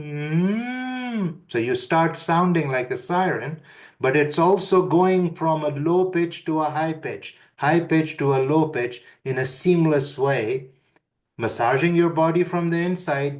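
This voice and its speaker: A man giving a webinar lesson, calmly guiding listeners through breathing and humming exercises. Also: fairly high pitch. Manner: calm, deliberate instruction. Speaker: webinar speaker. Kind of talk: instructional webinar talk.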